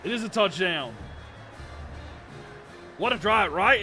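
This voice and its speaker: Taking it slowly in a high-pitched voice, a man streams a football video game with soft music playing behind him. He announces plays like a commentator and lets out frustrated venting between snaps.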